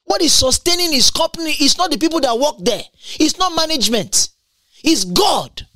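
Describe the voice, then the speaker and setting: A preacher delivering a sermon, emphatic and repetitive, with big leaps up and down in pitch and bursts of tongues. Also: animated, moderate pace, sharp tone, dry recording, clean studio sound.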